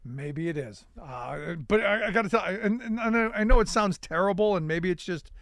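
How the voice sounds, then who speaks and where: A man hosting a political talk show, chatting in a halting way with many restarts and self-deprecating asides. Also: high voice, lively intonation, a bit bright, dry recording, studio quality. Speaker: radio talk show host.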